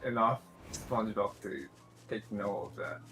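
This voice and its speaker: A man's voice: fairly low pitch, a little slow, a bit bright, soft background music, poor audio. A man co-streaming a game, making dry, questioning remarks. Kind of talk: casual gaming stream chat.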